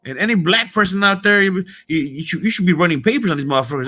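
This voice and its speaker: Animated, bright-voiced man ranting. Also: high voice, quick pace, faint music behind. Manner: profane, slangy, heated. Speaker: motivational vlogger. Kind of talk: casual ranting monologue.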